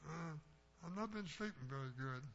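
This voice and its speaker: A man's voice: a little high, lively intonation, normal speed, a bit bright. Older man, plainspoken preacher telling homespun anecdotes; muffled lo-fi sound. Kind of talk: folksy storytelling sermon. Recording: dull lo-fi recording with faint hum.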